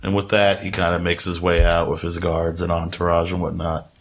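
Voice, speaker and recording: A man with a lowish voice runs a tabletop game, narrating casually and rambling through scenes with plenty of fillers. His delivery is loose and conversational. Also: monotone, brisk. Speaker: game master.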